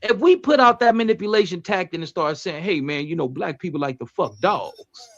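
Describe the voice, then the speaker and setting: A man's voice: sits high, lively intonation, a little fast, fairly bright tone, dull audio. A man hosting a casual livestream, bluntly reading out viewer comments and talking back to chat in a profane, direct way.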